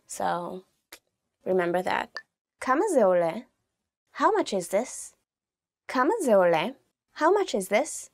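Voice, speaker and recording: A woman's voice: a little high, no room sound, studio quality. Chatty young woman teaching phrases. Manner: chatty, laughs, frequent "like" fillers. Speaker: language teacher host. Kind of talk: casual language lesson.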